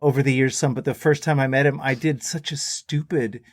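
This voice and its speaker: A man with a middle-pitched voice tells lively, swear-sprinkled stories as a podcast guest. His voice is recorded close and dry, with no room sound at all. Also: fairly quick, no echo. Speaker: musician guest. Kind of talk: casual storytelling.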